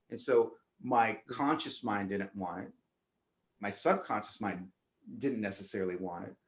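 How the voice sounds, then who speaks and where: A man's voice: on the low side, roomy sound. A man on a spiritual round-table panel, earnestly telling a vivid first-person story with frequent restarts.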